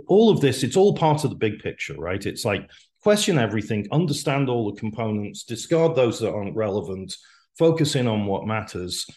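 Podcast guest, male, early 60s, lower-pitched, opinionated and deliberate, emphatic delivery. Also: a little mellow. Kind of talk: casual podcast conversation.

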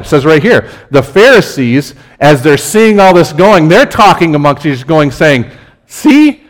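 A man preaching a conversational sermon as pastor, his delivery lively and building to emphatic peaks. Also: a little high.

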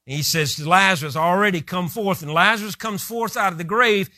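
A man's voice: high-pitched, a little fast, sharp tone, no echo, clean studio sound. A man preaching a sermon who retells scripture with vivid, rising emphasis.

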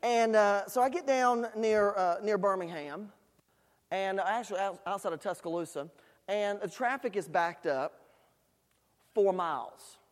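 A man's voice: high voice, measured pace. Folksy male preacher in a reverberant church. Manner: folksy, animated storytelling with asides to the congregation. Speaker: pastor. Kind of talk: sermon. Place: church sanctuary. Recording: long hall reverb in a church.

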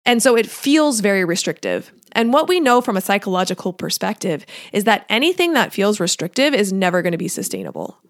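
A woman's voice: mid-range voice, sing-song, brisk, hardly any pauses, no echo, studio quality. A woman coaching on diet and nutrition in a casual solo podcast talk, conversational, often laughing lightly and acting out what her listeners might think. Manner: conversational, often acts out listeners' thoughts in quotes; laughs lightly while talking.

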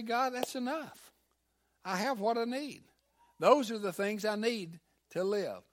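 An older pastor with a high-pitched voice delivers an animated sermon, moving back and forth between loud emphasis and quiet asides.

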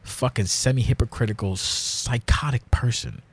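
A man's voice: medium pitch, moderate pace, breathy edge. A man hosting a casual solo podcast monologue, rambling and blunt with heavy swearing, grouchy in tone. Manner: self-described grouchy, blunt. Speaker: podcast host.

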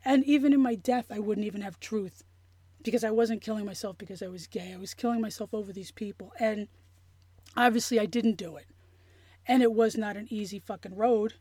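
A woman telling a personal story in an interview, earnest and emotional, halting with many restarts and fillers. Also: mid-range voice, steady tone, warm tone, no echo. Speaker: interview guest.

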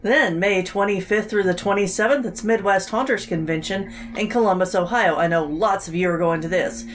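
A woman's voice: mid-range voice, fairly quick, soft background music. A woman co-hosting a podcast, reading event listings with easygoing dry quips. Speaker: podcast co-host.

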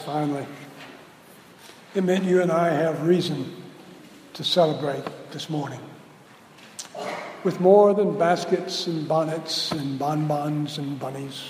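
Slow-preaching pastor in an echoey church. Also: male voice, fairly high pitch, slight background noise. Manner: slow, deliberate preaching that swells to loud emphatic peaks. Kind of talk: sermon. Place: church sanctuary. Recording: roomy hall reverb with faint ambience.

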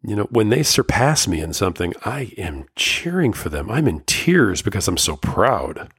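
A middle-aged man hosting a solo podcast, talking earnestly and emotionally in slow, measured phrases, firm and lecturing at times. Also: on the low side, very animated, fairly bright tone, breathy edge, no echo, clean studio sound. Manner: firm and lecturing about fatherhood. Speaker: podcast host.

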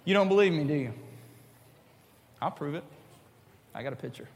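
Man, 30s, youth speaker, high-pitched, animated, long reverb. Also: moderate pace, gravelly, very noisy. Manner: animated, acts out his younger self. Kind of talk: youth talk to middle schoolers.

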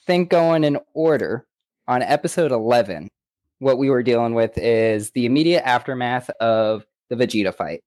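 A man co-hosting a casual podcast, recapping episodes in an animated way and often slipping into quoted lines. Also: medium pitch, moderate pace, no room sound. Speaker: podcast co-host.

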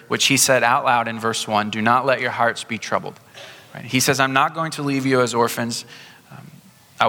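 A man preaching a sermon as pastor, conversational in tone, slowing down to stress key points. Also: medium pitch, bright, forceful tone, long reverb tail. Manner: conversational, slows down for emphasis. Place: church sanctuary.

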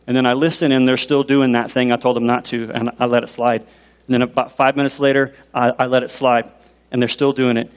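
A man preaching a sermon as a pastor. He talks in an animated way and asks the congregation questions. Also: mid-range voice, fairly quick. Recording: long reverb in a large hall.

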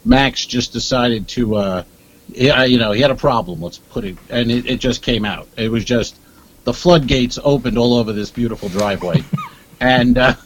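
A man's voice: mid-range voice, lively intonation, normal speed, slight background noise, poor audio. A man co-hosting a comedy podcast, telling stories in a dry, rambling way with lots of asides. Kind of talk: casual comedic chat. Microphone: earpiece at a desk.

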